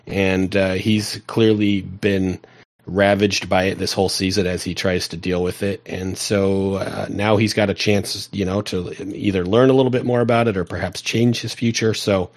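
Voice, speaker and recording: Guy rambling thru an episode recap, lowish voice, dry close sound. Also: level tone, normal speed, dry recording. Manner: rambling, many restarts and fillers. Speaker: podcast co-host. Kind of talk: casual chat recapping a TV episode.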